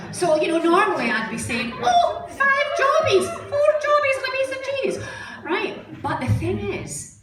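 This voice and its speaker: A woman's voice: a little high, background noise. A middle-aged Scottish woman doing stand-up comedy, a chatty, self-mocking storyteller. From Scotland. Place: comedy club stage. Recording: roomy stage sound, distant mic, audience laughter. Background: audience laughing.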